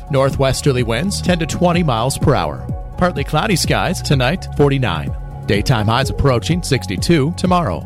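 A man, a meteorologist, reading a radio weather forecast in a measured, lively way. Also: mid-range voice.

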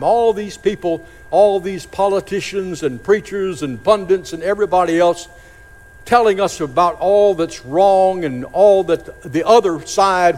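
A man preaching a sermon, dramatic, slowing and dropping to a hush on key phrases. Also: high voice. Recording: long hall reverb.

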